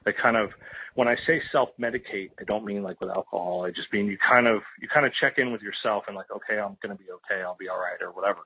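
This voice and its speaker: Over a tinny, phone-like line, a man with a lowish, slightly rough voice talks fast. As a podcast guest he shares a raw personal story, getting emotional, repeating himself, and swearing freely.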